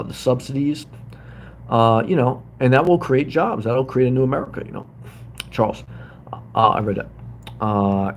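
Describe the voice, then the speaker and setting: A man's voice: mid-range voice, darkish tone, slight background noise. A middle-aged man hosting a casual livestream from a hotel room, rambling and greeting viewers by name as he reads their comments. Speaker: livestream host living in a hotel.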